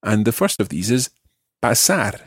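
A man's voice: on the low side, sing-song, breathy edge, dry recording, clean studio sound. A man teaching Spanish, patiently modelling verb forms and stress for a learner to repeat. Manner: patient, models pronunciation slowly. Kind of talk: language lesson drills.

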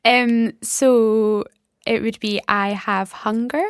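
Slow, careful female language student. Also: on the high side, fairly even intonation, smooth, no room sound, clean studio sound. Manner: tentative, thoughtful answers. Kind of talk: language lesson practice.

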